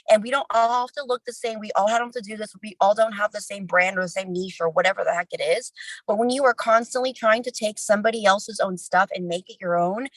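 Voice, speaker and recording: A woman giving a casual, energetic motivational talk on a livestream, chatty, with quick asides and self-interruptions. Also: medium pitch, no room sound, poor audio. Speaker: team leader sharing a conference recap.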